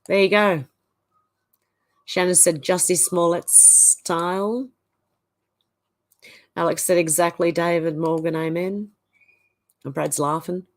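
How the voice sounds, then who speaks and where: A woman's voice: fairly low pitch, fairly even intonation, slow, pauses often. A woman with an Australian accent hosts a livestream and reads viewer comments aloud, answering them in a casual, chatty way. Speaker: livestream host.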